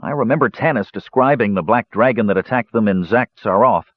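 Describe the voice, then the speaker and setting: A man's voice: brisk, close to an everyday voice. A man playing a glum, groaning big brother. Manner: glum, groaning, low-voiced. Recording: dull lo-fi recording.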